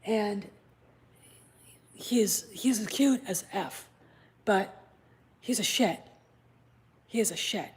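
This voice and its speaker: A woman's voice: mid-range voice, slow pace, pauses often, darkish tone, slight background noise. A woman hosting a casual vlog, speaking bluntly with profanity and conspiratorial asides, at home. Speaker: channel host. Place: home with a puppy nearby.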